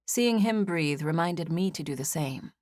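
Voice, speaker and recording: A woman reads a first-person novel aloud as an audiobook, using a steady, measured storytelling style. Her voice sits fairly low, and the studio recording is dry and close-miked.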